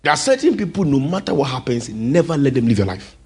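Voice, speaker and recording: Male preacher, gravelly and husky, lively sermon delivery. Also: mid-range voice, quick pace. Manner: animated, calls out to the congregation.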